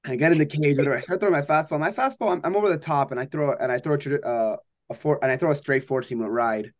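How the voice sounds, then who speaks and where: A young man talks quickly through a pitching story and gets animated as he quotes the people in it. The recording is close and dry, with no room around him. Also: no room sound. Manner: animated storyteller, acts out quotes, laughs often. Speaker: college baseball pitcher. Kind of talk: casual interview chat.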